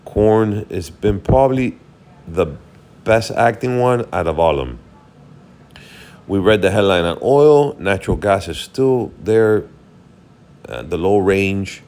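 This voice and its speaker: A man's voice: on the low side, lively intonation, slow, pauses often, a little mellow. A tired man rambling casually through a market recap, thinking aloud while he checks charts. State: tired, yawning. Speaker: market commentary host.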